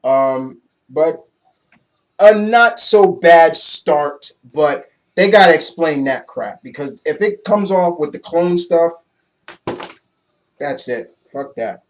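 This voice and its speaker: A young man giving a casual, excitable comic book review, loose and swearing freely. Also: a little high, slow pace.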